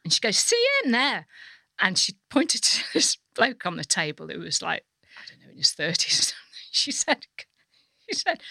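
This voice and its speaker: An older woman from North Wales chatting as a podcast guest. She tells lively stories, and her pitch leaps as she mimics voices. Her voice is bright and lower-pitched, recorded dry and close. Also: normal speed, vocal fry, husky, dry recording, whispered. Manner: animated storyteller, mimics voices with laughter. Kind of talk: casual podcast chat, anecdotes.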